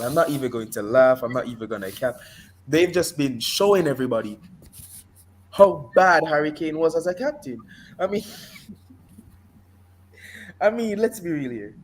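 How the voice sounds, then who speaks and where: A man co-hosting a casual sports podcast, telling animated stories with playful exaggeration. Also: medium pitch. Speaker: podcast co-host. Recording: faint background noise.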